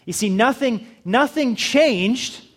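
A man's voice: very high voice, lively intonation, slow pace. A man preaching a sermon in a humorous, conversational way, acting out little dialogues with the audience. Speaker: pastor.

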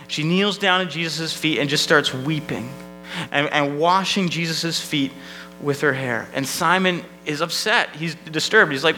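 Bright-voiced male pastor preaching casually. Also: fairly high pitch, rough recording. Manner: conversational, self-deprecating preaching with frequent restarts. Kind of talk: sermon.

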